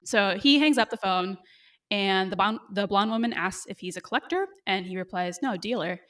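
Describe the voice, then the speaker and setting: A woman co-hosting a podcast, recapping a TV episode in casual chat, with fillers and quick laughs. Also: mid-range voice, fairly bright tone.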